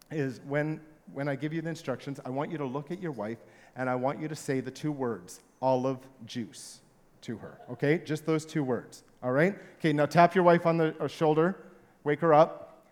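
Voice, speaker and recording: A male pastor with a notably high voice preaches to a live congregation, his words ringing through a long hall reverb. He tells stories with a playful, joking manner and gets the room to join in. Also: moderate pace. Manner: playful, jokey storytelling. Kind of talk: sermon with audience participation.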